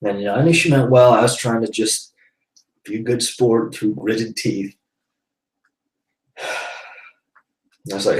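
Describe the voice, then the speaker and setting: On a live web broadcast he hosts, a man tells a personal story in a loose, rambling faith-based monologue, often sighing and laughing between thoughts. He speaks at a measured pace with medium pitch and frequent pauses, off the mic in a roomy, echoing space.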